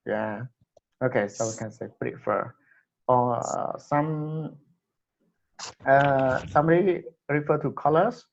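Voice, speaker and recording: Guy teaching english, slow and halting, keeps repeating words, muffled lo-fi audio. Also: medium pitch, creaky. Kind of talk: classroom English lesson. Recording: dull lo-fi recording.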